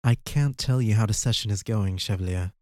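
A man voicing a firm, measured woman therapist in an audiobook. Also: on the low side, a little mellow, no echo, studio quality, lightly acted.

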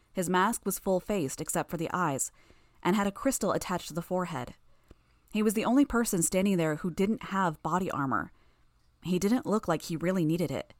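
Low-voiced woman reading fiction. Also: lively intonation, normal speed, no room sound, studio quality. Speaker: audiobook narrator. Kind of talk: first-person fiction narration.

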